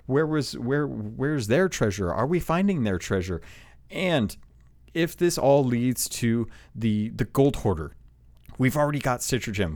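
A man talking excitedly about game lore in casual commentary, rambling with many restarts and fillers. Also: mid-range voice. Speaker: game lore video host.

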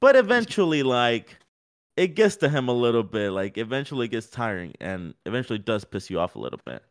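Male podcast co-host for casual sports chat: rambling and animated, full of fillers. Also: mid-range voice, fairly quick.

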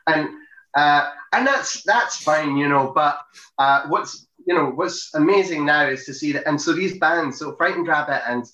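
A man's voice: a little high, moderate pace, sharp tone, roomy sound, dull audio. A Scottish man, a singer, speaking reflectively and hesitantly with many fillers in an interview. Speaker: singer, guest. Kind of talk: casual conversation.

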